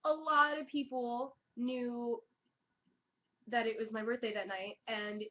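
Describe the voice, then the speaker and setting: A bubbly young woman with a fairly high voice talks straight to her webcam, excitable and rambling, full of "like" and casual swearing. The audio is dull and lo-fi. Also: slow pace. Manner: chatty, excitable, heavy use of "like" and swearing. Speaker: vlogger. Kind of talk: casual chat to camera.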